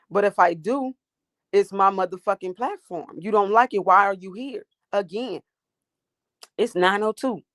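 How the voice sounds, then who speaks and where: A woman's voice: medium pitch, dry recording, studio quality. A woman hosting a livestream, ranting and talking back to her chat in a profane, confrontational way. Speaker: livestream host.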